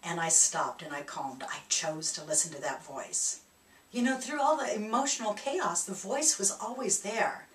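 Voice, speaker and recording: A woman telling a reflective personal story as a spiritual speaker, animated and laughing as she goes. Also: mid-range voice, normal speed. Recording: echoey room, distant mic.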